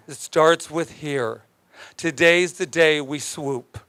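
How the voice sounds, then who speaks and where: A man's voice: a little high, slow pace, a bit bright, clear, resonant tone, no echo. A man preaching a sermon as minister, emphatic and joking, often laughing as he talks.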